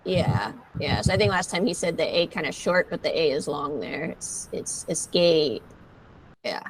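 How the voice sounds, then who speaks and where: A woman's voice: deep voice, animated, moderate pace, slight background noise. A woman tutoring English vocabulary, explaining patiently with many fillers. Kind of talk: slow, careful vocabulary teaching.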